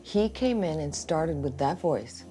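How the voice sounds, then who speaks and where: Low, mellow-voiced woman recalling a shoot. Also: animated, unhurried, soft background music. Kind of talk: anecdotal interview.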